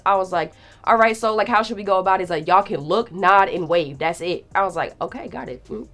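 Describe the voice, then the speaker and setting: A young woman telling a story in a casual, animated way, acting out the quotes and swearing freely. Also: on the low side, a little fast.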